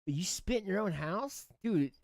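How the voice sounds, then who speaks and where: A man's voice: high-pitched, animated, normal speed, dry recording, clean studio sound. Indignant man ranting on his stream. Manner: indignant, mocking, rambling with restarts. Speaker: livestream host. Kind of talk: ranting commentary on a livestream.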